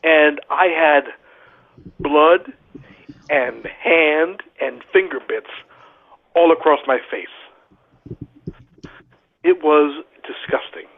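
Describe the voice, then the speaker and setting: A man, a former wrestler and podcast guest, calling in and telling profane, animated stories with lots of "right?" asides. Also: on the high side, drawn-out words, long pauses. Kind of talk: casual storytelling on a podcast. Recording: tinny phone line.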